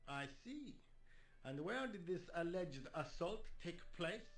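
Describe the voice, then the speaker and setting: An actor playing a weary police sergeant in a video game, answering questions in a dry, matter-of-fact way. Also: male voice, high voice, very animated, slow pace, fairly bright tone, soft background music, exaggerated voice.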